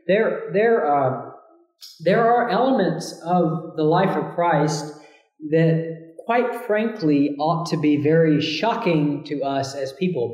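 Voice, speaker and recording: A man's voice: on the high side, a little mellow. Emphatic male preacher in an echoey room. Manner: emphatic, rises sharply when quoting scripture, many restarts. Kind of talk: sermon.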